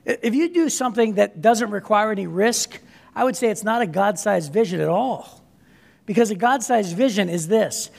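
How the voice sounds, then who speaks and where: A man delivers an energetic, conversational sermon with a high-pitched and gravelly voice. He keeps checking in with his listeners as he goes. The sound carries a long hall reverb. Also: normal speed. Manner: energetic, conversational, with frequent "right?" asides. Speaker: pastor.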